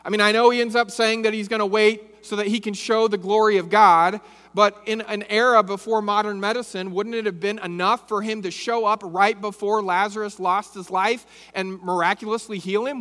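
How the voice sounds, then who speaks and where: A man with a notably high voice preaches a sermon. He reads scripture, then explains it expressively, with repeated phrases and rhetorical questions. His voice rings out with a long hall echo behind it. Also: fairly even intonation, a little fast, sharp tone. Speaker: pastor.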